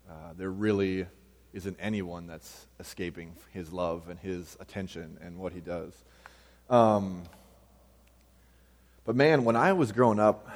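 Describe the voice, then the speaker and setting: Pastor, male, 30s, low voice, relaxed storytelling sermon in a reverberant hall. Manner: conversational, personal storytelling with frequent fillers.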